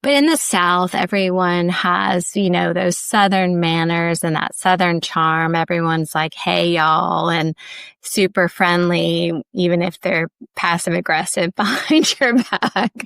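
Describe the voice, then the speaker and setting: A podcast host from Ohio candidly shares reflective personal stories, often saying "like" and laughing lightly. Her voice is fairly low, creaky, and a bit bright, her pace unhurried, in a clean, dry, studio-quality recording.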